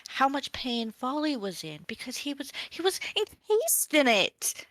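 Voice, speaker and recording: A woman's voice: high voice, big pitch swings, measured pace, a crowd in the background. A woman playing in an online tabletop game, playful and indignant in casual chat. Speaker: player.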